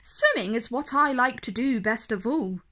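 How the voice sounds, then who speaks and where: A woman's voice: on the high side, expressive, moderate pace, bright, forceful tone. A woman voicing a happy male beaver who loves to swim, in a picture-book reading for kids. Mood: content.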